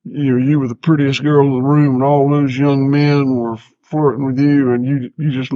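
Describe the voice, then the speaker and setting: An older man with a Southern accent, chatting casually as a podcast guest in a folksy, unhurried way, often restarting his sentences. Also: medium pitch, level tone, no room sound. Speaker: guest farmer. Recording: dull, dry lo-fi sound.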